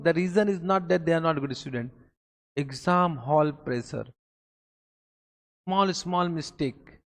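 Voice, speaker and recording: A man with an Indian English accent gives an exam pep talk to a class, asking rhetorical questions and repeating himself for emphasis. His voice sits fairly high for a man. A long reverb trails after every line. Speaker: accountancy exam lecturer. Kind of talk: motivational revision lecture.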